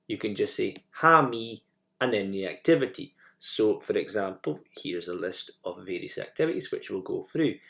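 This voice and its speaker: A man narrating a recorded language lesson, modelling each phrase slowly and repeating it twice. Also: fairly low pitch, gravelly, a bit bright. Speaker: language teacher.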